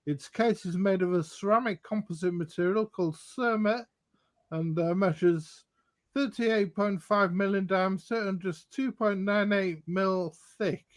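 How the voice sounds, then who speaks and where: A man hosting a casual watch live stream, reading out specs in a steady listing way. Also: high voice, a little slow. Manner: reads figures in a steady listing way. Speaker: watch show host.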